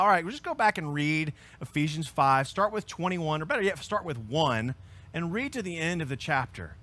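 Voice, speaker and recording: A man preaching as pastor, earnest and emphatic, swelling to loud peaks and then dropping low and quiet. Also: very animated, moderate pace. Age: adult with children. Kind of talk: sermon.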